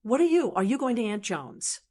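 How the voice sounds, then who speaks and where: A man's voice: high voice, big pitch swings, brisk, darkish tone. A woman voicing a panicky, self-centred grown son who sputters and stammers. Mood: startled.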